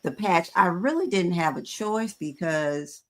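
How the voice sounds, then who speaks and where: A woman's voice: fairly low pitch, expressive, unhurried. A woman in her fifties co-hosting a podcast. She talks frankly and conversationally, with hesitant fillers. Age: 50s. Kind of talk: candid podcast chat.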